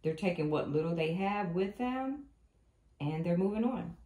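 A woman's voice: lowish voice, moderate pace. Emphatic woman giving a tarot reading. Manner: emphatic, repetitive, animated storytelling. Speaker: tarot reader. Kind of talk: spiritual tarot reading to viewers. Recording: echoey room, faint noise.

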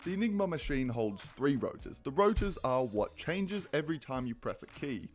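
A man's voice: medium pitch, big pitch swings, normal speed. A young man giving a comedic explainer, rambling and poking fun at himself. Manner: joking, rambling, self-deprecating asides. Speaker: YouTube creator explaining a project.

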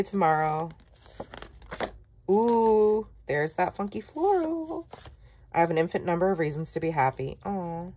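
A woman craft vlogger chatting casually through a product flip-through, gushing and excitable with frequent gasps and exclamations. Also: on the low side, a little hiss or hum.

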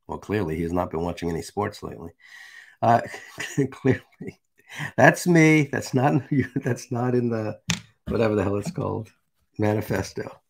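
A man's voice: lowish voice, expressive, moderate pace, gravelly, pauses often, breathy edge. A man hosting his channel, reading a text aloud and breaking off into casual, amused asides. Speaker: channel host.

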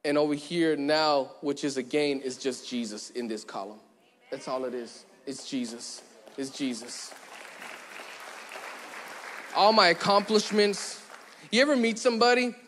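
A man preaching as pastor, chatty and joking, who slows down and goes quiet to stress a point. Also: medium pitch, a faint crowd, slight background noise. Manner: conversational, joking, acts out little scenes; slows down and drops quiet for emphasis. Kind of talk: sermon. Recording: long church hall reverb.

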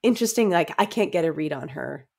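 A woman's voice: low-pitched, lively intonation, fast, gravelly, a little mellow, slightly rough. A woman co-hosting a casual book discussion, thinking aloud with many fillers and trailing phrases. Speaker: podcast co-host.

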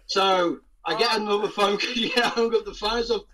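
Crowd noise sits beneath a low-quality recording of an actor on a podcast, speaking at normal speed in a high voice. He relates anecdotes in a casual storytelling interview, laughing often and putting on voices, his energy lively throughout.

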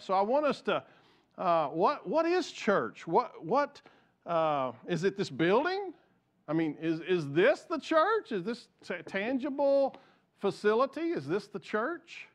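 A man's voice: high voice, sing-song, measured pace. A man pastor preaching a conversational sermon in church, repeating words as he goes and joking with the congregation.

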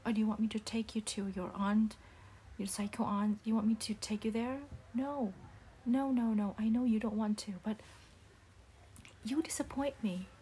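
A young woman playing a disappointed, stern single mother in a whispered role-play, speaking softly and haltingly with many restarts. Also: on the high side, steady tone, slight background noise, close to an everyday voice. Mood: hurt, disappointed. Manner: soft-spoken, halting with restarts.

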